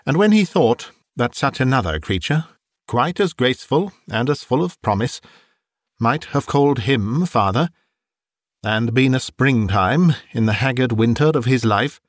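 A man narrating a classic novel in an expressive, measured storytelling style. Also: mid-range voice, dry recording, clean studio sound. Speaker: audiobook narrator.

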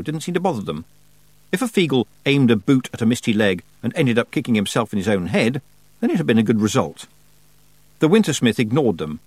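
A man narrating an audiobook with expressive storytelling and wry timing. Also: mid-range voice, no echo.

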